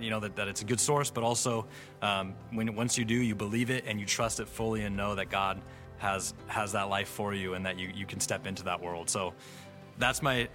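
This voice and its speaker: A man giving a personal church testimony in a halting way, with frequent restarts. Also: lowish voice. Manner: halting, many fillers and restarts. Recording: music playing underneath. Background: faint music.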